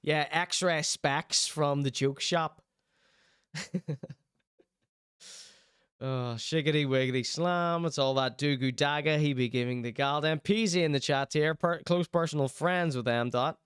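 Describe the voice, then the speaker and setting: Male host, reaction show, teasing and chatty, higher smooth voice, dry close sound. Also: unhurried, a bit bright, no echo. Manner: chatty, teasing, mock-concerned asides. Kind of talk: casual reaction commentary.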